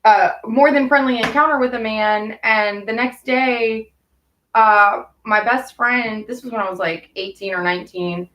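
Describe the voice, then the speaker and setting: A woman's voice: fairly high pitch, unhurried, echoey room, lo-fi sound. A woman telling candid stories to her live viewers in a rambling, casual way, swearing freely. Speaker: live streamer chatting with viewers. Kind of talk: casual storytelling to a live chat.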